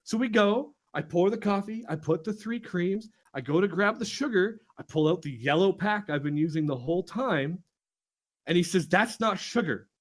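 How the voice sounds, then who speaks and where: A man's voice: high voice, normal speed. A young man, a podcast co-host, tells a story among friends, swearing freely and acting out everyone's lines. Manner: animated, swears constantly, acts out quotes.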